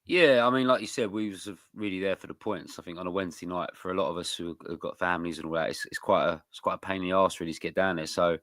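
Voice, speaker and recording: Fast-talking sweary man. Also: low-pitched, fairly bright tone, dry recording. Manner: rapid, sweary, laughing. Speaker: podcast co-host. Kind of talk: casual chat.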